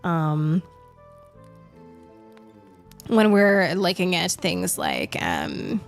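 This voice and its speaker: Young woman, streamer, expressive read-aloud, chatty asides, faint music underneath. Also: on the low side, extremely slow, creaky. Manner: expressive reader, chatty and self-amused when talking. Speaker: streamer reading a novel aloud. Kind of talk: reading aloud and casual chat on a live stream.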